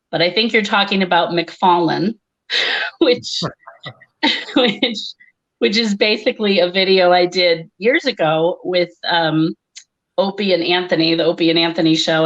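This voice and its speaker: On a muffled recording, a comedian with a lowish voice shares a personal story at a live online conference. Her delivery is wry and conversational, punctuated by frequent laughter.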